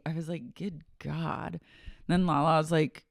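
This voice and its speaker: A woman's voice: sits low, steady tone, moderate pace, vocal fry, no echo, studio quality. A woman co-hosting a podcast, recapping in a blunt, sarcastic, swearing rant. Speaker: podcast co-host. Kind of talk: casual chat recapping a reality show.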